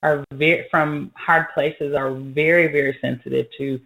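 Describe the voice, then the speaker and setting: A woman's voice: deep voice, steady tone, unhurried, gravelly, phone-quality sound. A woman co-hosting a casual talk on parenting, joking and playful as she pokes fun at herself. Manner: joking, playful, self-mocking.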